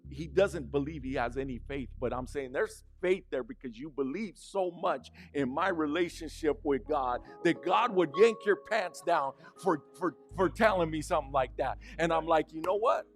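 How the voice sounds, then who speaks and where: A man preaching with a fairly high voice, telling stories in an animated, conversational way. He chuckles through his tales, and soft music sits faintly behind him. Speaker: pastor. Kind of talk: sermon storytelling.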